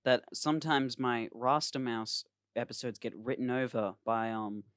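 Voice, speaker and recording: A man's voice: medium pitch, moderate pace, clear, resonant tone, dry recording. Rambling young man on a dry voice call. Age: young adult. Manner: animated, laughing, rambling. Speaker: podcast host. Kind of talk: casual chat. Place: home, remote call. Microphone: computer mic over voice chat.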